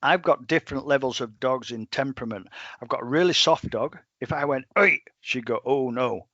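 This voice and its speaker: A man's voice: medium pitch, fairly quick, a bit bright, no echo, muffled recording. Blunt, plain-spoken English man. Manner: blunt, plain-spoken, quotes himself a lot. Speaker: professional gun dog trainer. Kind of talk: casual podcast interview.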